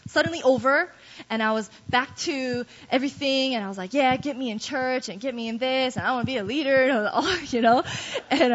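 A somewhat high-pitched woman tells her church testimony in a candid, self-mocking way. The recording sounds dull and lo-fi. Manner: candid, self-deprecating storytelling with laughs. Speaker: guest speaker giving testimony.

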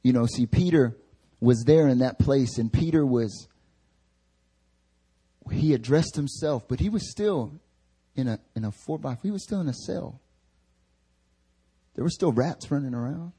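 Husky young male preacher, casual and slangy. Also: mid-range voice, expressive, unhurried, pauses often, mellow. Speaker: pastor. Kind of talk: sermon.

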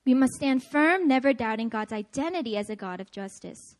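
A woman with a high voice preaches a testimony-style sermon. She speaks with energy and an emphatic, repeating cadence, and often breaks into laughter. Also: animated, brisk. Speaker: speaker at a prayer meeting.

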